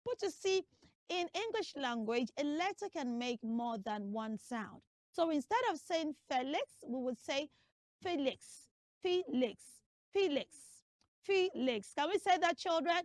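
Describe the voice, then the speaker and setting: A woman's voice: high voice, lively intonation, normal speed, no echo, studio quality. A woman playing a comic pronunciation teacher, emphatically drilling a class and spelling out names letter by letter. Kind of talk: comic classroom lesson skit.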